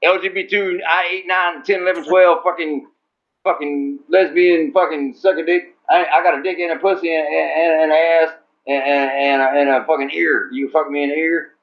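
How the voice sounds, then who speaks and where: A man's voice: on the high side, steady tone, normal speed. Brief: male radio co-host, crude rambling banter, muffled lo-fi sound. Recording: dull lo-fi sound.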